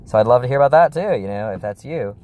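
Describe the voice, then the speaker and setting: A man's voice: mid-range voice, expressive, fast talker, a little mellow. A young man chatting casually in a vlog, rambling and apologetic, with lots of fillers and restarts. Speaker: YouTuber.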